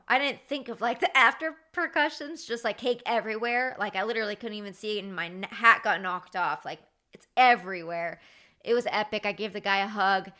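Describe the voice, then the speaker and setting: Brief: woman in her thirties hosting her podcast, bright and forceful tone, lively anecdote telling. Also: medium pitch. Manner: animated, chatty, with many fillers. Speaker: podcast host. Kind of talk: casual storytelling.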